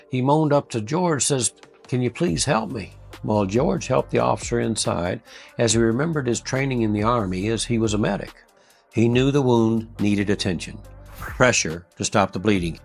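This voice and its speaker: A male host narrating a heartfelt story in a slow, earnest, folksy way. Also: mid-range voice, gravelly.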